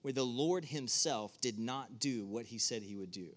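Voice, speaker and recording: A man's voice: medium pitch, normal speed. A man preaching to a room, talking casually and putting direct questions to his listeners. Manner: conversational, asks the audience direct questions. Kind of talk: sermon. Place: church room with an audience.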